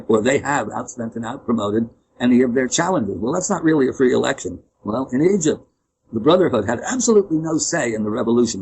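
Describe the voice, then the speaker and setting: A man's voice: mid-range voice, darkish tone, slightly rough, lo-fi sound. A man giving an opinionated, rambling interview, often restarting his sentences. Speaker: interview guest. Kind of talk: conversational interview.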